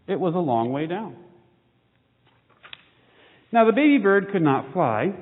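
Lively man reading a story aloud. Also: measured pace, long pauses. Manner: animated read-aloud. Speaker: pastor. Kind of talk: children's sermon with storybook reading. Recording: phone-like boomy hall sound.

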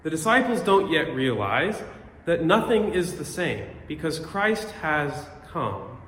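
Earnest pastor preaching in an echoey room. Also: male voice, fairly high pitch, big pitch swings, fairly bright tone, a little hiss or hum. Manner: earnest and reflective, with measured pauses. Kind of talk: sermon. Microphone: phone. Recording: echoey room with long reverb.

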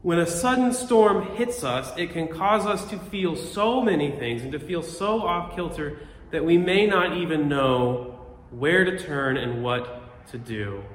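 Earnest pastor preaching in an echoey room. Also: male voice, fairly high pitch, lively intonation, fairly bright tone, a little hiss or hum. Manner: earnest and reflective, with measured pauses. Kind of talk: sermon. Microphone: phone. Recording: echoey room with long reverb.

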